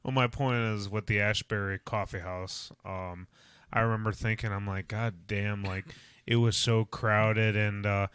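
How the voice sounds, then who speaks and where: A man's voice: on the low side, measured pace, clean tone, dry recording. Chill guy hosting a podcast, jokey, trails off a lot, dry close mic. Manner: relaxed, joking, trails off mid-thought. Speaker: podcast host. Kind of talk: casual chat.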